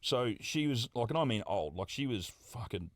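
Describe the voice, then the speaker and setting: A man's voice: medium pitch, moderate pace, no room sound. An Australian man hosting a podcast, telling stories in casual chat, swearing freely and acting out what people said. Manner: swearing, animated storyteller acting out quotes. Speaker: podcast host.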